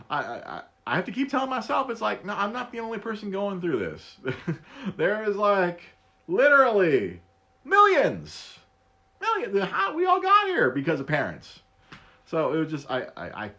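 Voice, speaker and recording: A man in his thirties hosting a casual solo podcast, laughing often, stammering and repeating words, and jumping his voice high for quoted bits. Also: fairly bright tone. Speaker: podcast host.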